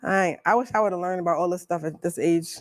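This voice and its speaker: A Bronx, New York woman with a fairly low voice speaks a little fast, no echo audible. She's leading a live Reiki demonstration in a library workshop room, chatty, playful and quick to laugh.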